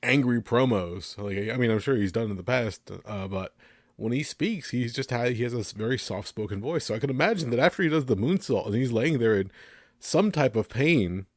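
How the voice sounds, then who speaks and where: A man co-hosting a podcast in casual chat, easygoing and quick to chuckle. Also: mid-range voice, no room sound, clean studio sound. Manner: easygoing, chuckling listener with lively inflection. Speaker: podcast co-host.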